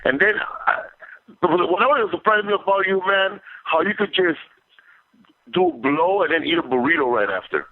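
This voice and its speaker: A man's voice: high voice, animated, moderate pace. A male comedian calling in to a podcast, chatting in a laid-back way and saying man and bro a lot. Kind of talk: casual phone-in chat. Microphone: phone. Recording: tinny phone line.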